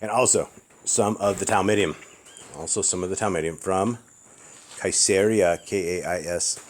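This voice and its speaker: Deep male voice for a slow, deliberate proofreading read-through, punctuation spoken aloud, faint background noise. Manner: slow, deliberate read-aloud with spelled-out words and quick asides. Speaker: scripture proofreader. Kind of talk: dictating a text aloud, line by line. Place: house with barking dogs nearby.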